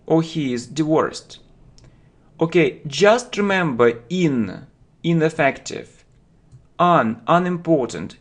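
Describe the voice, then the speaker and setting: A man teaching English vocabulary, speaking slowly and deliberately and repeating each word for learners. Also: a little high, a bit bright. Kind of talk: slow vocabulary lesson with drills.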